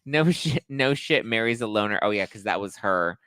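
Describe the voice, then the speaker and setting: A man's voice: on the low side, lively intonation, normal speed, a bit bright, smooth, no room sound. A man hosting a casual live-stream chat, gossiping about a reality show and reading viewer comments. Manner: gossipy, quotes people in put-on voices. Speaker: host.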